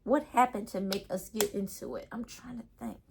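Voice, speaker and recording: A young adult woman telling a casual storytime vlog in an animated, ranting way with lots of slang. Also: mid-range voice, normal speed, noisy background. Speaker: storytime vlogger.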